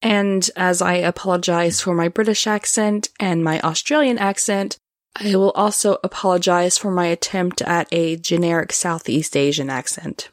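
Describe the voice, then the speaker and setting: A woman hosting a podcast reads a novel chapter aloud and breaks off for wry, chatty asides. Her voice sits a bit low. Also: normal speed, no echo, studio quality. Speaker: podcast host reading a novel. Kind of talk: reading aloud with commentary.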